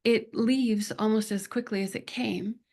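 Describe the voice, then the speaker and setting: A middle-aged woman speaking as a podcast guest, telling personal stories in an earnest, emotional way with slow reflective pauses. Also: a little high, fairly even intonation, darkish tone. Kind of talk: conversational interview.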